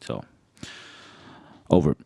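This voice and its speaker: A man's voice: extremely slow, mellow. A man from Venezuela, a podcast co-host, rambling and laughing in casual chat.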